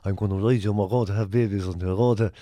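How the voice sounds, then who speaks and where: A man's voice: on the low side, steady tone, rapid-fire, warm tone, no echo, pitched below the performer's own voice, natural voice. A man voicing a lusty, boastful labourer, in a mock-earnest, bawdy way. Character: lusty, boastful Irish labourer, deep-voiced.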